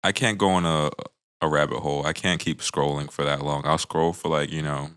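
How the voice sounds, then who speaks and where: A man guesting on a podcast, chatting in an easygoing, relaxed way. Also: extremely low pitch, a little fast, clean tone. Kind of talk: casual chat.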